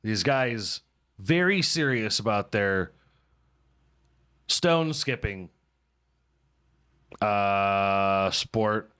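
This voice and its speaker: A man's voice: fairly low pitch, lively intonation, extremely slow, long pauses, bright, forceful tone, clear, resonant tone. Rambling, profane male podcast host. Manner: rambling, profane, self-mocking. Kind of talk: casual comedic chat.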